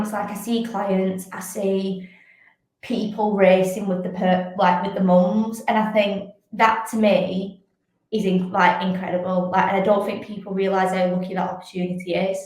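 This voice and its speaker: In a very echoey room, a young woman with a steady, slightly mellow mid-range voice chats openly at a moderate pace. She's a fitness coach and athlete appearing as a podcast guest, and "like" peppers everything she says.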